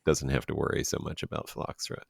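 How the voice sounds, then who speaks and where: A man hosting an interview, asking halting, searching questions. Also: no echo, studio quality. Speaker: podcast host. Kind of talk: casual interview.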